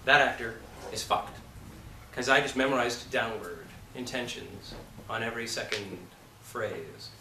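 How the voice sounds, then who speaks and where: A man's voice: medium pitch, a little slow, sharp tone, slight background noise. A man teaching an acting class, talking casually in a blunt, profane and emphatic way. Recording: roomy, from a distance.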